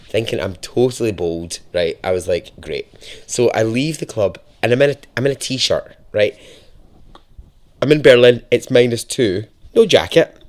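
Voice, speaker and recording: A young Scottish man hosting a podcast, telling a true story in a chatty, expressive way that turns hushed and dramatic. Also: medium pitch, normal speed. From Scotland. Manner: lively, chatty and profane, dropping to a hushed, dramatic tone for dark moments. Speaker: podcast host. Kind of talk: conversational true-story narration.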